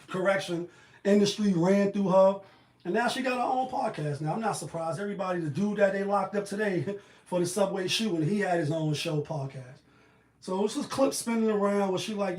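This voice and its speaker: A man riffs on the day's news in loose, slangy commentary, animated and quick with his asides. His voice sits fairly high for a man. The sound is roomy, with a noticeable echo off the walls of the space he is recording in. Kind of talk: casual commentary vlog.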